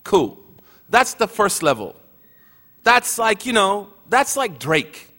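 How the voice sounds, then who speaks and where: A man's voice: high voice, big pitch swings, slow pace, pushed and bright. A man giving a teaching talk at a religious gathering, mixing joking asides with earnest points, in a hall with a long echo.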